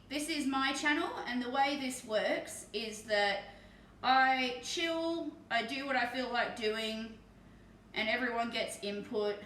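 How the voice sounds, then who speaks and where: A woman's voice: fairly high pitch, a bit bright, distant mic, slight background noise. A woman from Perth with an Australian accent, chatting casually and swearing as she paints miniatures on a live stream. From Perth, Western Australia. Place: room at home. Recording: echoey room, voice off mic.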